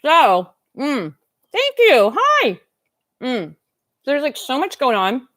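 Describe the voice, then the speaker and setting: A woman's voice: high-pitched, huge pitch swings, slow pace, a bit bright, no echo, studio quality. A woman, chatting on a livestream, rambling, reading comments aloud and talking while eating. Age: 50s. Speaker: doll-collecting livestream host. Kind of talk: casual livestream chat.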